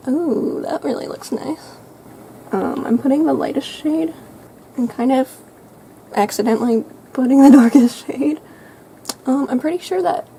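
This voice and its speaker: A teenage girl chatting casually through her makeup routine, rambling and thinking out loud. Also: a little high, a little hiss or hum, low-quality recording. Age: teens. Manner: rambling, self-narrating, thinking aloud; soft, light voice at times. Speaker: vlogger. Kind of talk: chatty makeup get-ready-with-me vlog.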